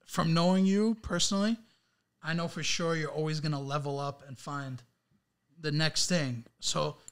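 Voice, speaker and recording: A man's voice: on the high side, steady tone, moderate pace, fairly bright tone, clean tone. A man hosting a casual podcast, talking loosely and often repeating himself. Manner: loose, repeats words, praises the guest. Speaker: podcast host.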